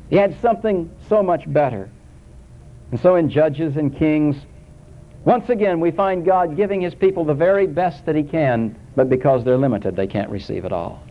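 Man preaching with sweeping, lively delivery. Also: normal speed. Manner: dramatic rises and drops, quoting scripture in a hushed low voice. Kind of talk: sermon. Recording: dull lo-fi recording.

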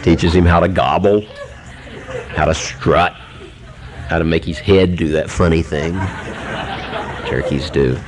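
A male preacher telling a humorous animal story in a folksy, unhurried sermon, with many pauses and fillers. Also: low voice, a crowd in the background, background noise.

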